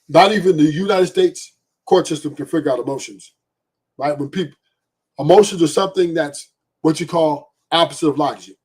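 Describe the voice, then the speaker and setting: Blunt, profane man with a husky voice. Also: on the high side, a little mellow. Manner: blunt, profane, rhetorical "right?" asides. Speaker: podcast host. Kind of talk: opinionated podcast monologue.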